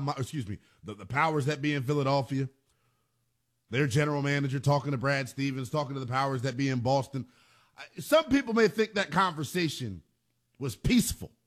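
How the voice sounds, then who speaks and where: A man's voice: on the high side, a bit bright. A man hosting a sports talk radio show, delivering an emphatic monologue and repeating phrases for punch.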